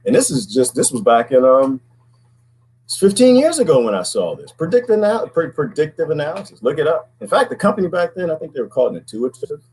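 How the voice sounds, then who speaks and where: A middle-aged man talking casually to viewers, folksy and animated, full of rhetorical questions. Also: on the high side, brisk, breathy edge, poor audio. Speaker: podcast host.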